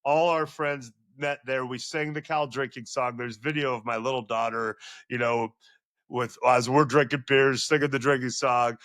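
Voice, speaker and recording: Middle-aged male guest, animated storyteller, voice jumps up at big moments, dry podcast mic. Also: moderate pace, dry recording. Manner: excitable, voice climbs high when reliving moments. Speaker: guest, sports journalist.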